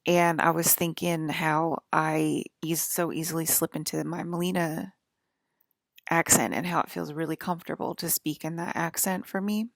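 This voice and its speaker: A woman's voice: low-pitched, flat delivery, normal speed, vocal fry, no room sound, clean studio sound. A woman from the northern US, talking to her viewers in a casual, rambling monologue full of fillers and restarts. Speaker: online broadcaster.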